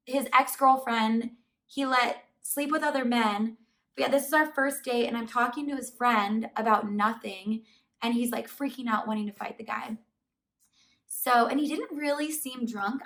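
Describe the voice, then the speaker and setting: Chatting casually to her viewers, a woman vlogger animatedly retells a story, with "like" peppered throughout. Her slightly high voice has a gravelly quality. She sounds somewhat far from the microphone.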